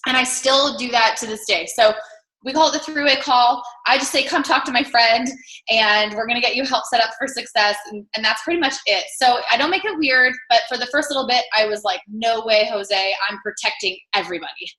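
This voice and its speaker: A woman telling a personal success story in a lively way, acting out the dialogue she quotes. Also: a little high, a little fast, echoey room, low-quality recording. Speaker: business testimonial speaker.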